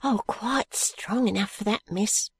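A woman reading an audiobook, voicing a devoted young girl maid in a high, pleading, tremulous voice. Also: a little slow, slightly rough, no room sound, studio quality. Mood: eager.

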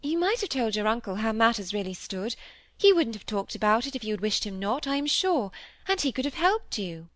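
Woman doing a timid, gentle young girl. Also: fairly high pitch, sing-song, a little fast, dry recording. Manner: soft and timid.

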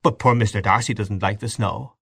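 A man reading aloud, voicing a brisk, kindly older aunt with a placating manner. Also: on the low side, steady tone, vocal fry, a bit bright, breathy edge, no echo, studio quality, exaggerated voice.

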